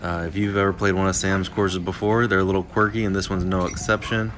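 A man's voice: low voice, flat delivery, fast talker, noisy background. A man hosting a disc golf video, giving easygoing, upbeat narration outdoors at a park. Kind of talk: casual vlog narration.

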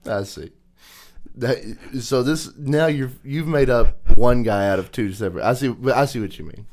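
A man's voice: medium pitch, normal speed, darkish tone. A man co-hosting a podcast, chatting casually, teasing his friend and swearing as he acts out scenes. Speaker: podcast co-host. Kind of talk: casual chat.

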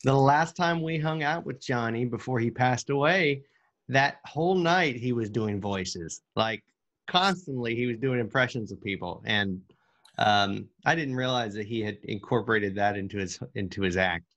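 A man's voice: mid-range voice, normal speed, fairly bright tone, dull audio. A man recalling a night with a friend in casual, reflective conversation. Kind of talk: casual commentary on magic footage.

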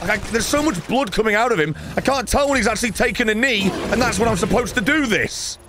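A man streaming a game, exasperated and swearing as he comments. His voice sits a touch high and swings a lot. Loud game noise plays behind him. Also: lively intonation, quick pace. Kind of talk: gaming commentary.

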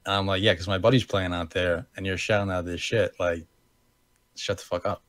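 Rambling and self-correcting, this young podcast co-host from the United States laughs at himself as he tells a story in casual conversation. He speaks a little fast in a low, steady, slightly bright voice with no echo.

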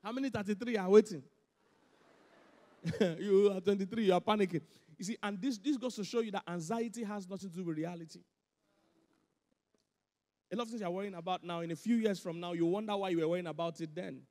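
A man preaching, his voice pitched high for a man. He drives his points home through animated repetition, and his voice rings out with the long reverb of a large church hall. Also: brisk, long pauses. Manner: animated, laughing, emphatic repetition. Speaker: pastor. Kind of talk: sermon.

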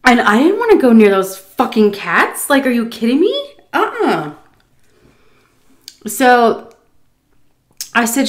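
A woman casually telling a story while eating, animated and swearing freely. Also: on the high side, unhurried, pauses often. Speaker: vlogger.

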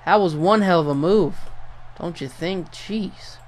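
A young man giving casual play-by-play commentary over a wrestling video game, getting excited and swearing at big moves. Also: high voice, a little slow, slight background noise. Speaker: gameplay commentator.

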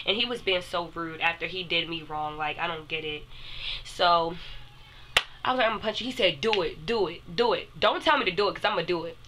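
A young woman, casually telling a personal story to her viewers, animated and chatty. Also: on the low side, slight background noise. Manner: animated, addresses viewers as "y'all". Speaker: vlogger.

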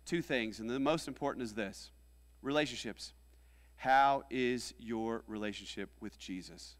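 A man's voice: mid-range voice, unhurried. Man preaching in a reverberant hall. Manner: animated preaching, swings from loud calls to hushed asides. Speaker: pastor. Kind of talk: sermon. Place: church sanctuary.

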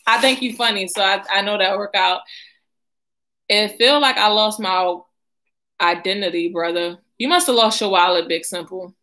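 Chatty woman, bright voice. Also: mid-range voice, moderate pace, low-quality recording. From Baltimore. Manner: chatty, addresses viewers in slang. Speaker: livestream host. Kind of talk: casual live-stream chat.

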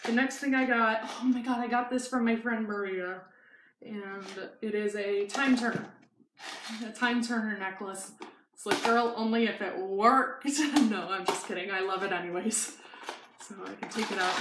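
A young woman talks through her gifts in a loose, giggly way, with lots of "um" and "like". She is recorded in an echoey room with a faint hiss behind her. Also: fairly high pitch. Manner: chatty and giggly, with many fillers. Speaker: vlogger. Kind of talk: casual haul chat.

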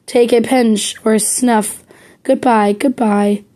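Storybook parrot, shrill and rude, squawking high — female reader voicing it. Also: fairly even intonation, takes it slowly, mellow.

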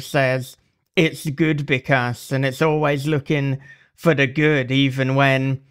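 A man's voice: medium pitch, a bit bright, smooth. A man hosting a podcast interview, talking in a thoughtful, casual way and laughing easily. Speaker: podcast host.

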